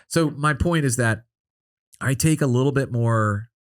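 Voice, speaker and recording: A man's voice: mid-range voice, measured pace, no echo, studio quality. A man hosting a podcast, chatting casually and rambling, with many "like" and "you know" fillers. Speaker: podcast host. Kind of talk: casual interview chat.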